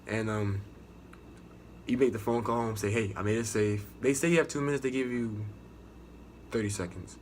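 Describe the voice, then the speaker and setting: A young man with an American accent talks straight to the camera, swearing freely and doubling back on himself as he tells his story. His voice sits a little low, and a faint hiss of noise runs under it. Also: fairly even intonation, normal speed, long pauses, a little mellow. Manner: profane, rambling, restarts a lot. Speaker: navy recruit sharing experience. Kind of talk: casual storytelling vlog.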